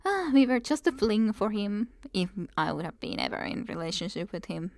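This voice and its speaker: A woman's voice: medium pitch, big pitch swings, moderate pace, vocal fry, darkish tone, dry recording, clean studio sound. A woman streaming a game, chatting casually and reading game text aloud. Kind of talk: casual gameplay commentary.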